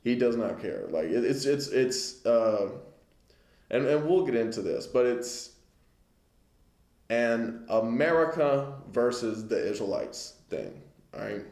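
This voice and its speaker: A man's voice: medium pitch, lively intonation, takes it slowly, a little mellow, roomy sound. A man giving a casual lesson on the news, talking it through conversationally and often checking in with listeners. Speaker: Bible class teacher.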